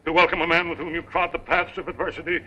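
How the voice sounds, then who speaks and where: A man's voice: on the high side, flat delivery, quick pace, sharp tone. An actor playing a fawning con man with flowery, stammering speech in a 1930s comedy film. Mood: scheming. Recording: dull 1930s film soundtrack, faint hiss.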